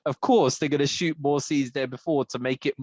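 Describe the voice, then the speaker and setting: A man's voice: medium pitch, steady tone, fairly quick, darkish tone, no room sound. A man co-hosting a podcast, chatting casually with lots of fillers, restarts and laughter. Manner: rambling, many fillers and restarts, laughs often. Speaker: podcast co-host. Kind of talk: casual chat.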